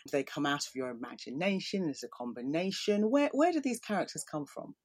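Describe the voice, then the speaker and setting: A woman's voice: sits low, very animated, brisk, a little mellow, slightly rough. A woman interviewing a poet, asking curious, probing questions.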